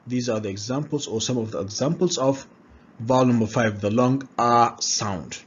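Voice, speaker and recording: A man's voice: mid-range voice, moderate pace, breathy edge, dull audio. A man who speaks English as a second language, teaching pronunciation and repeating each word several times with checks like "all right?". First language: not English. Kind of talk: pronunciation lesson, drilling words aloud.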